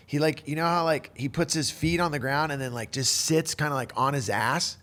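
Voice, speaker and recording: A man telling a personal surfing story in a casual, animated way, full of surfer slang and fillers. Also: a little high, a little fast.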